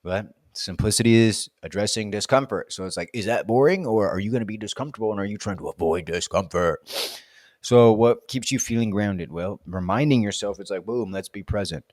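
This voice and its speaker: A man's voice: fairly low pitch, brisk, a little mellow, no echo, clean studio sound. A man in a casual, reflective monologue, rambling and musing with plenty of fillers. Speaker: vlogger.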